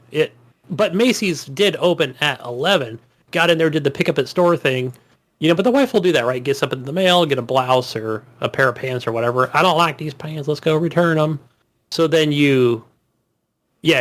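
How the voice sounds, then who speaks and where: A married man co-hosting a podcast, telling a chatty everyday story with casual swearing. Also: mid-range voice. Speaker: podcast co-host.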